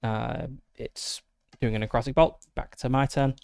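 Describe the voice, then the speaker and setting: A man's voice: medium pitch, steady tone, unhurried, vocal fry, a little mellow, smooth, no room sound. A man casually narrating his solo tabletop game, methodically thinking aloud through dice rolls and rules with frequent fillers, into a close desk mic.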